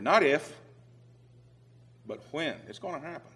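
A man preaching a sermon with emphatic swings in loudness who reads scripture aloud in old-fashioned biblical phrasing. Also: a little high, very animated, moderate pace, long pauses, husky.

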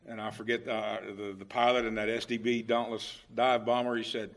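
A middle-aged man preaching a sermon in a conversational way, full of restarts, moving between hushed and emphatic delivery. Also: medium pitch, flat delivery, a little fast, hardly any pauses.

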